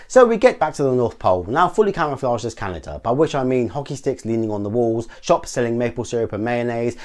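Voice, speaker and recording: An English man talks through a film review at a brisk clip, his voice rising and falling in a lively way. He sounds dry and sarcastic as he picks at the plot. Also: mid-range voice. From England. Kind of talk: scripted film review narration.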